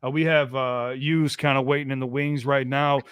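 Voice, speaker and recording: A man's voice: mid-range voice, little pitch movement, normal speed, a bit bright, clear, resonant tone, no room sound. Chatty American man co-hosting a podcast. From United States. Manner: chatty and easygoing, many fillers and restarts. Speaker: podcast co-host. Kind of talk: casual podcast chat with a caller.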